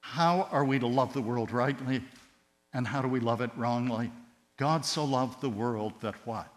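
A man preaching a sermon with passion, his voice surging loud on key words and then dropping to a hush. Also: mid-range voice. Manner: impassioned, swinging between loud emphatic rises and hushed tender drops. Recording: long hall reverb with mains hum.

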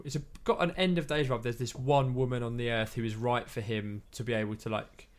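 A man chatting casually about films, rambling with many fillers and restarts. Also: lowish voice. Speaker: podcast co-host.

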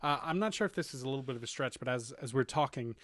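A man's voice: medium pitch, very fast, a bit bright, dry recording. A man co-hosting a casual Bible discussion, asking questions and affirming.

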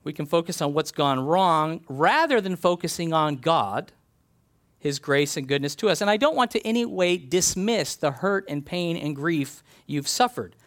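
A man's voice: fairly high pitch, lively intonation, normal speed, fairly bright tone. A man preaching a sermon in a conversational, earnest way, reading scripture aloud and explaining it. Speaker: pastor.

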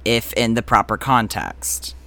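A man co-hosting a casual podcast, reacting to the story with quick jokes and frequent swearing. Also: fairly low pitch, lively intonation, creaky, bright, forceful tone. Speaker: podcast co-host reacting to the segment.

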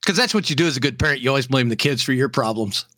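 A man co-hosting a casual podcast chat, telling jokes with dark deadpan humor and laughing often. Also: medium pitch, racing, dry recording. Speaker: podcast co-host.

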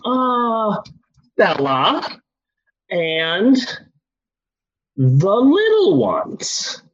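A man in his forties telling a rambling story in casual chat, animated, jumping into high panicked outbursts. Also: extremely slow, pauses often, muffled recording. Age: 40s.

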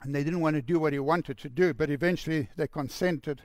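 A man telling a story in a sermon with a gravelly voice, earnest, and dropping to a hushed voice for the quoted lines. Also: a little high, a little fast, no room sound, studio quality. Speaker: preacher.

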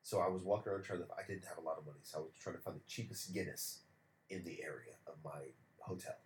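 Speaking quickly in a low voice, a man co-hosting a podcast spins animated stories in a casual chat, swearing freely. The recording has an echoey room and faint background noise.

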